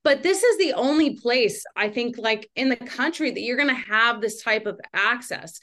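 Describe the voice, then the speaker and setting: A young woman chats as a guest on a podcast in a slightly higher-than-average voice. She is animated and quick with asides. She fills her sentences with "like," in a relaxed, conversational way. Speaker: podcast guest, independent journalist.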